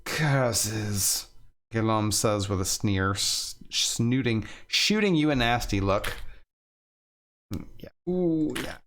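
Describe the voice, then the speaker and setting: A man playing a story game, reading its text aloud quickly and thinking aloud between choices. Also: fairly low pitch, animated, fairly bright tone, smooth. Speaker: game streamer.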